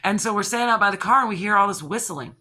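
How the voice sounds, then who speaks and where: A woman talks straight to the camera and spins a personal story in a loose, rambling way. Her voice is bright and sharp, and it stays lively as she restarts sentences and catches her breath between thoughts. It sounds like a casual video diary. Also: mid-range voice, quick pace. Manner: animated and rambling, with restarts, gasps and laughs. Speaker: channel host.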